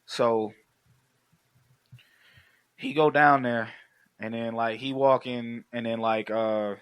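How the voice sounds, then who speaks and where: A man's voice: medium pitch, slow pace, clear, resonant tone, no room sound. A man hosting a podcast, recapping a film in casual slangy chat and acting out the characters' lines. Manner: animated, acts out characters' lines, slangy and profane. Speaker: podcast host.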